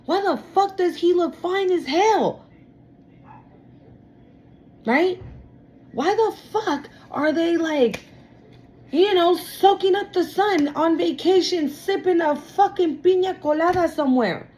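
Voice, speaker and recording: A woman's voice: very high-pitched, takes it slowly, long pauses, a little mellow, voice pushed up. A woman voicing an envious, bitter adult who whines in indignant disbelief. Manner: whiny, indignant questioning.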